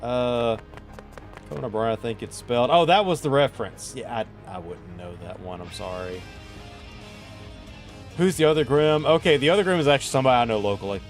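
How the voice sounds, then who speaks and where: A man's voice: mid-range voice, animated, a little fast, faint music behind. A man hosting a casual gaming stream, playful and teasing as he chats with viewers while playing. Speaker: streamer host.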